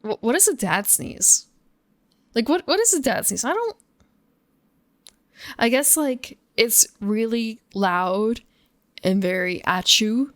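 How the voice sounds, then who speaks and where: A woman's voice: on the high side, expressive, takes it slowly, pauses often, dry recording, clean studio sound. A woman streaming games live from a home setup, musing and chatting with her viewers and laughing often. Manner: talks to chat between gameplay. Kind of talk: casual live-stream chat while gaming.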